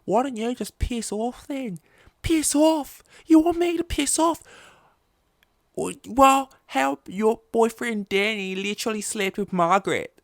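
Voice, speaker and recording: A man doing shrill bickering Australian soap women. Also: a little slow, smooth, dry recording, studio quality, close to an everyday voice. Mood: shouting. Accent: put-on Australian. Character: squabbling young women in a soap drama.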